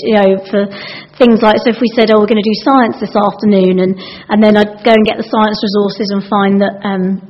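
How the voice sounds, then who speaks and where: A woman giving a sermon in a chatty, anecdotal way, acting out the lines she quotes. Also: mid-range voice. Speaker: preacher. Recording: dull sound with long hall reverb.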